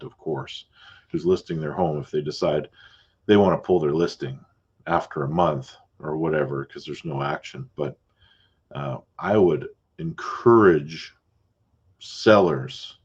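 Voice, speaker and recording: A man hosting a podcast as a realtor, chatting casually and relaxed, with fillers and asides. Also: rumbling low, husky, highs cut off. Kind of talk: casual chat.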